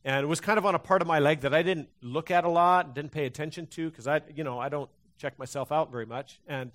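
Male pastor, fairly high-pitched, conversational sermon full of restarts and fillers to a congregation. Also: fast talker, fairly bright tone. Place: church hall before a congregation.

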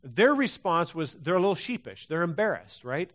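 In a church hall, a male pastor addresses his congregation in a slightly high, fairly bright voice with big pitch swings at a normal pace. His sermon feels casual, full of fillers and false starts.

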